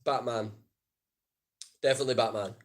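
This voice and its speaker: A man's voice: mid-range voice, steady tone, moderate pace. A Scottish man chatting casually on a livestream, reading viewer comments aloud and answering them. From Scotland.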